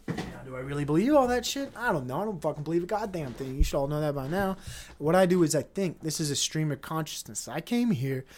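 Fairly quick and animated, this man's high-pitched voice carries a slight background noise as he hosts his solo podcast. It's an unscripted, stream-of-consciousness rant, heavy on profanity and full of heated restarts and rambling.

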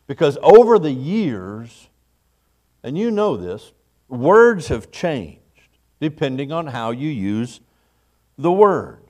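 A man's voice: mid-range voice, sing-song, slow pace, pauses often, a little mellow. A middle-aged man, a pastor, preaching a morning sermon in a folksy, conversational way, acting out little quotes.

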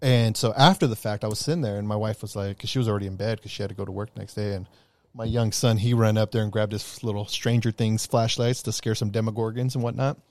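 A man in casual chat, telling stories with lots of swearing, animated and often laughing. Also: lowish voice, fast talker, no echo. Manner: animated, profane storyteller who gets loud and laughs.

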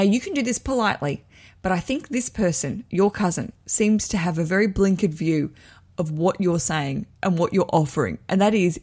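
A woman host with a lowish, somewhat dark voice reads listener letters in a casual chat and gives wedding advice. She's frank and candid, swears freely, wanders off on tangents, and laughs at herself.

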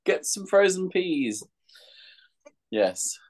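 A man's voice: high-pitched, very animated, very slow. A British man co-hosting a podcast in casual chat, a self-mocking storyteller who laughs often. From Britain. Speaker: podcast co-host.

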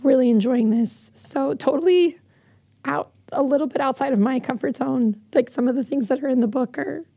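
A woman podcast co-host talking in a casual chat with a hoarse, strained voice, rambling with many fillers. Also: sits high, normal speed, warm tone, dry recording. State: hoarse, strained voice after losing it.

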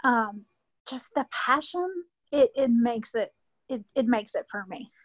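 A woman with a fairly high voice chats eagerly as a podcast guest, gushing and laughing often. The sound is dry and close, with almost no room in it. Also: animated, measured pace, no echo. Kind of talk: casual podcast chat.

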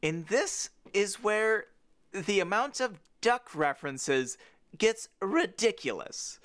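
Animated high-voiced man joking around. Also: takes it slowly. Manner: playful, slips into goofy voices and mock accents. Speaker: podcast co-host. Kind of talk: casual comedic chat reading a book.

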